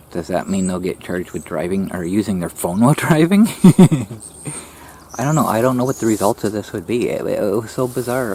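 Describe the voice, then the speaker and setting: A man commenting casually as a channel host, a little hoarse and clearing his throat, puzzled and asking questions while repeating himself. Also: on the low side, darkish tone, slight background noise.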